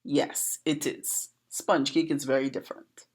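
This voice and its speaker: Slow, low-voiced Trinidadian woman teacher. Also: level tone, slightly rough. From Trinidad and Tobago. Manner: patient, questioning, teacherly. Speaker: poet and educator. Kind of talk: explaining a proverb to camera.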